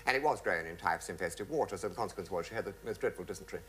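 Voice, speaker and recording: A man's voice: low-pitched, racing, a bit bright, rough recording. A middle-aged man telling theatrical anecdotes in a flamboyant manner, mimicking the people in his stories. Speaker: comic raconteur.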